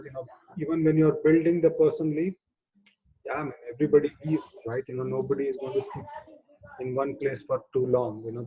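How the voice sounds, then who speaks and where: Mellow man giving a webinar talk. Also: medium pitch, muffled recording. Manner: conversational, frequent "you know" fillers. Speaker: webinar speaker on people management.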